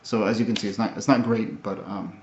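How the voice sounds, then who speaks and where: Brief: man, low voice, thoughtful and halting self-recorded vlog, echoey room on a muffled mic. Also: fairly even intonation, creaky, darkish tone, slight background noise. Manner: halting, thoughtful, many fillers and restarts. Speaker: language learner. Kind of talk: casual video recap. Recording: roomy, dull lo-fi audio.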